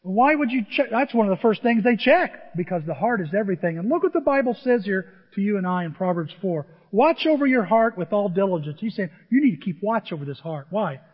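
An older man preaching a sermon, telling animated stories and acting out voices as he goes. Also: high-pitched, brisk, hardly any pauses, husky, big-room sound, highs cut off. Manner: animated storytelling, mimics voices. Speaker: pastor.

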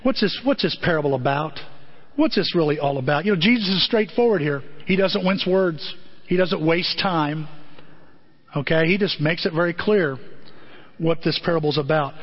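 A man's voice: fairly high pitch, husky, dull audio. A man preaching a sermon to a congregation, emphatic and repeating his points for stress. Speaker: pastor. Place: church auditorium.

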